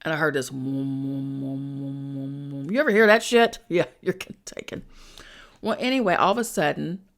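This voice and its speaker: Soft music plays behind a woman whose mid-range, expressive voice moves fast. She's a podcast host and spiritual coach chatting through a personal story, slangy and profane, speaking straight to her listeners.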